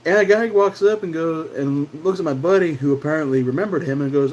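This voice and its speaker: A man's voice: fairly high pitch, fairly quick, hardly any pauses, darkish tone, a little hiss or hum, poor audio. A man hosting his own channel, telling a personal story in a loose, casual way, full of fillers and restarts. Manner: rambling, many fillers and restarts. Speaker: channel host.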